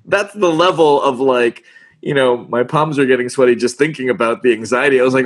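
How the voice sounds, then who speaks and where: A middle-aged man, a voice actor, telling stories in a casual interview in an animated, self-deprecating way and acting out the lines he quotes. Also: medium pitch, normal speed. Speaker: voice actor guest.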